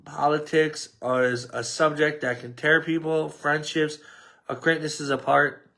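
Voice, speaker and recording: A man's voice: on the high side, level tone, measured pace, vocal fry, bright, forceful tone. A man with a New York accent hosting a casual solo sports podcast, rambling and mumbling at times. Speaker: podcast host.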